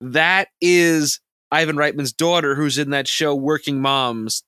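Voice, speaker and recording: Bright, dry-sounding man chatting trivia. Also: a little high, fairly even intonation, measured pace, clean tone, dry recording. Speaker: podcast co-host. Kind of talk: casual movie chat.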